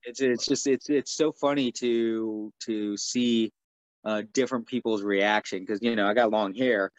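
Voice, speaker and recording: A man's voice: on the low side, steady tone, unhurried, no room sound. A man from the United States, a martial artist and stuntman, telling stories easily in a casual interview with lots of fillers. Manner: easygoing, filler-heavy storyteller.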